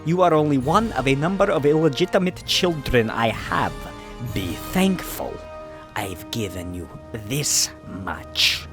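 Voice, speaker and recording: Brief: man doing a stern old Soviet dictator, Russian accent, animated delivery, music behind. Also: mid-range voice, a little slow. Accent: put-on Russian. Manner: cold, commanding.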